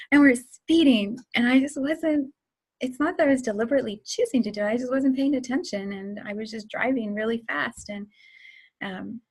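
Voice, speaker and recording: A woman's voice: fairly high pitch, normal speed, breathy edge. A woman in her forties hosting a casual spiritual talk, chatty and laughing often as she tells stories. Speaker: host.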